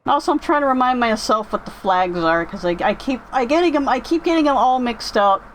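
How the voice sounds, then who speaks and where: Woman chatting while she plays, kinda high voice, rambly, restarts a lot. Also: animated, brisk, slight background noise, low-quality recording. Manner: rambling, thinks out loud with many restarts. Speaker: gaming streamer chatting with viewers. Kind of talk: casual chat over gameplay.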